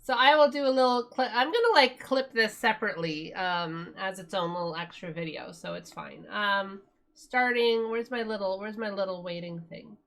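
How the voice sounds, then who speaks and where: A woman's voice: mid-range voice, normal speed, gravelly, fairly bright tone. A woman from Britain chatting casually on a live music stream, giggly and full of fillers.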